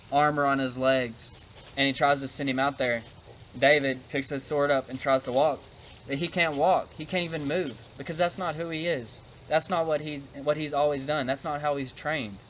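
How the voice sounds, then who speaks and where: A man's voice: mid-range voice, fairly bright tone, a little hiss or hum. A man retelling a Bible story in a casual, conversational way, with frequent fillers, and at one point showing a prop while he talks. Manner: demonstrates a prop while talking.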